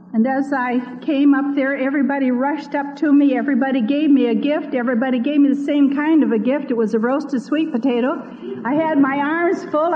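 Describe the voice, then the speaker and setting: Older woman telling a vivid testimony. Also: sits high. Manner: earnest, vivid storytelling with voiced quotes. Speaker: missionary storyteller. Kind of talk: personal testimony talk. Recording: dull lo-fi recording with long reverb.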